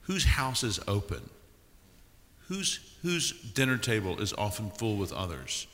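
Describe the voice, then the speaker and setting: Earnest man with a bright voice. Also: on the low side, very animated, a little slow, slight background noise. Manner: earnest, asks a string of rhetorical questions. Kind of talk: panel discussion. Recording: long hall reverb.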